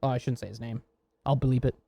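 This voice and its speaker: A man's voice: mid-range voice, fairly even intonation, quick pace, vocal fry, mellow, breathy edge. An American man co-hosting a podcast, telling rambling, laughing, swear-filled work stories in casual chat. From United States. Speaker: podcast co-host.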